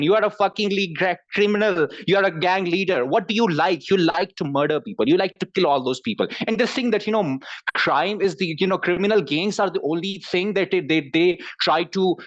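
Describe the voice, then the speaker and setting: A man delivers a comic debate rebuttal, stopping and restarting and leaning on "you know" throughout. His voice is on the higher side for a man. The recording sounds dull and lo-fi. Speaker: debater as deputy leader of opposition.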